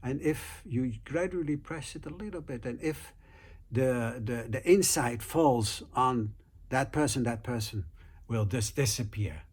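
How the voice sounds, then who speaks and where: A man voicing a huge, stern male snake in a spoken folk tale, low, hushed and curt. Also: a little slow, breathy edge.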